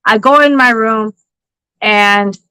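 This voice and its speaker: A woman hosting a psychic-reading livestream, telling a story in an animated, laughing way and swearing freely. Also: fairly high pitch, drawn-out words, clear, resonant tone, no room sound, rough recording. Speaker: psychic reader and livestream host.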